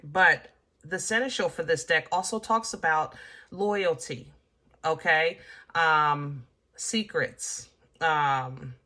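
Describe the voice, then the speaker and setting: Woman reading tarot cards for her viewers, bright sharp voice, chatty with lots of ums and okays. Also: low-pitched, takes it slowly. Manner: chatty, emphatic, many fillers, talks straight to viewer. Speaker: tarot reader.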